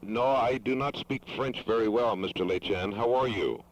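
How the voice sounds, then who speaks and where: A man making a formal phone call, choosing his words carefully and pausing with hesitations. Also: mid-range voice. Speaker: caller. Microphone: telephone.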